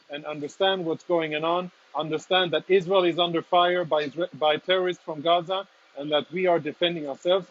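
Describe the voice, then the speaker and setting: A man speaking as a military spokesman, reporting live and earnestly from inside a damaged apartment, audibly emotional with halting restarts. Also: on the high side, lo-fi sound. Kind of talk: live walk-through report.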